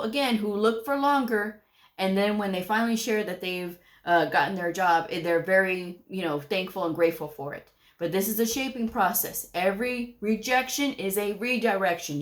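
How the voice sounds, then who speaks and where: A woman hosting a career advice channel, speaking bluntly and folksy to viewers in a scolding, direct-to-camera way. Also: medium pitch. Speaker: medical coding channel host.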